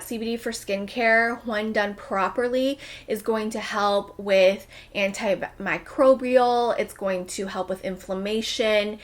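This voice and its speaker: A woman in her thirties talking casually through the beauty products she used up. She is upbeat and chatty, and she sounds slightly out of breath. Her voice sits at an ordinary middle pitch for a woman. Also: fairly bright tone. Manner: chatty, enthusiastic. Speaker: beauty vlogger.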